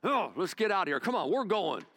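A preacher doing a proud army captain, high and indignant. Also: male voice, big pitch swings, a little fast, fairly bright tone, heavily acted. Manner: indignant, ranting.

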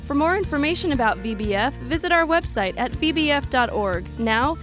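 A woman's voice: high voice, expressive, fairly quick, fairly bright tone, soft background music. A woman reading a polished scripted announcement for a church ministry.

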